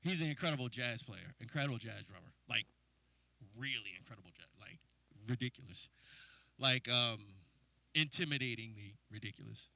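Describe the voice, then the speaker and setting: A man's voice: medium pitch, animated, normal speed, gravelly, pushed and bright, no echo. A man from New Jersey, a drummer hosting a livestream, telling casual, rambling stories with lots of fillers. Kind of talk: casual storytelling.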